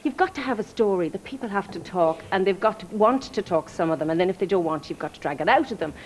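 A woman's voice: mid-range voice, animated, fast, slight background noise, rough recording. An Irish woman, a former researcher, telling humorous stories as a guest on a live television chat show. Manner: chatty, humorous storytelling.

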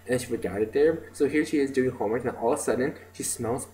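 A man's voice: medium pitch, quick pace, warm tone, poor audio. A man telling stories in a casual video diary, rambling with lots of "like" and "um". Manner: rambling, filler-heavy storytelling with many "like" and "um". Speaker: video diarist.

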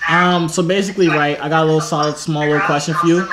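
A man's voice: a little high, fairly even intonation, fast, roomy sound, heavy background noise. A young man from Atlanta, a vlogger host teasing and prodding strangers in casual video-chat banter. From Atlanta, USA. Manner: playful, teasing, keeps pushing the question. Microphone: phone mic on a video-chat app.

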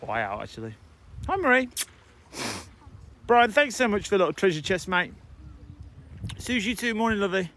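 A man's voice: high voice, sing-song, normal speed, pauses often, a bit bright, a little hiss or hum. Chatty man livestreaming outdoors. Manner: chatty, greets viewers by name. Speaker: livestream host. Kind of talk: casual livestream chat. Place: outdoors in sunshine.

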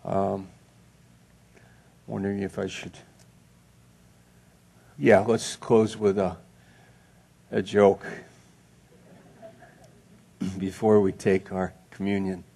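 A male pastor preaching a sermon in a church, slow and deliberate, building on repeated phrases. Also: low voice, level tone, vocal fry, dark tone, slightly rough. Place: church sanctuary.

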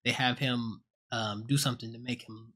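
A man's voice: medium pitch, steady tone, normal speed, a bit bright. Profane, joking male movie reviewer. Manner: profane, joking retelling with acted-out quotes. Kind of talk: casual spoken review. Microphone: own desk mic, close.

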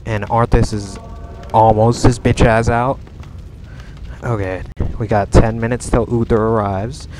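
A man's voice: on the low side, level tone, measured pace, darkish tone, a little hiss or hum. Frantic swearing man playing a strategy game. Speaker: gamer. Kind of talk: live strategy game commentary. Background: game music and battle sounds.

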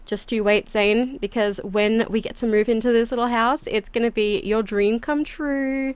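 A woman hosting a gaming channel, giving casual, chatty gameplay commentary with lots of quick exclamations. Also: a little high, no room sound.

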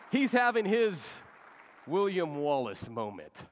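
A pastor preaching to his congregation, his voice sitting a little higher than most men's. He swings between fired-up shouting and quiet, tender pleading. The long reverb of a large church sanctuary trails behind every phrase. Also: huge pitch swings, measured pace, a faint crowd. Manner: swings from loud rallying shouts to hushed, soft pleading. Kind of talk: sermon.

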